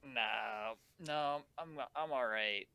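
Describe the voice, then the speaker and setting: A man playing a tabletop game, speaking in character in a halting way. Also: mid-range voice, vocal fry, a crowd in the background. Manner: halting, repeats words. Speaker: player. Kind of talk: casual game chat and in-character talk.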